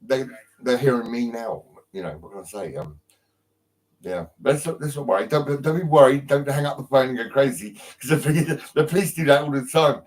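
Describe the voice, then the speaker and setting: This English livestreamer talks from home into a phone, so the audio is poor. He speaks fairly quickly in an expressive, mid-range voice, rambling along with frequent ums, restarts, and plenty of cursing.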